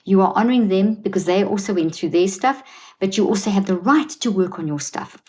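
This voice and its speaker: A woman's voice: mid-range voice, animated, brisk, a little mellow. A woman with a South African accent explaining parenting advice earnestly, often restarting her sentences and acting out what a parent might say. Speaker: guest psychologist.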